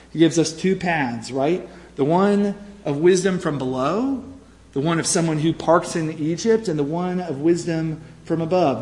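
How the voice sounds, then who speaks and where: A man's voice: on the high side, a little mellow. A man preaching a conversational sermon, telling a story with lots of "right?" asides and fillers. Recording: reverberant hall.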